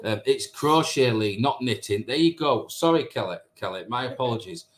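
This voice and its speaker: A live stream host in his thirties reads viewers' comments aloud, chatting casually and teasing them. His mid-range voice has lively intonation and a normal speed.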